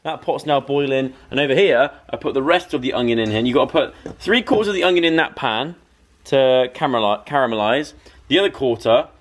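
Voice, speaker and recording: Excitable man with a lively voice. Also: mid-range voice, a little fast. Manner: rambling, self-mocking, excitable. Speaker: vlogger. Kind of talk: casual chatty cooking vlog. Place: home kitchen. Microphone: camera mic, talking to camera.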